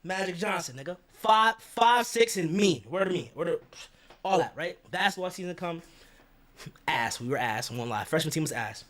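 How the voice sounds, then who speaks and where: A young man telling a personal story as a vlogger, animated, slangy and profane, acting out the people he quotes. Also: on the high side, normal speed.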